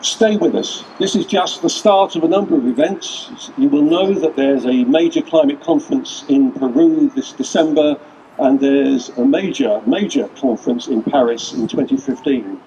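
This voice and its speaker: A man's voice: mid-range voice, moderate pace, mellow, muffled recording, slight background noise. Earnest man addressing an outdoor rally. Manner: earnest, rallying, with list-like repetition. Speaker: rally speaker. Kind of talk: outdoor protest speech. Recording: distant voice with faint outdoor ambience.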